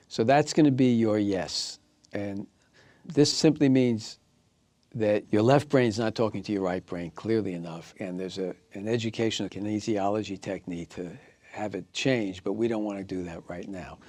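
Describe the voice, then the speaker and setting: Male instructor, lowish voice, calm step-by-step coaching, dry close recording. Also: no echo. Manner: calm step-by-step guidance, often checking in with "okay?" and "right?".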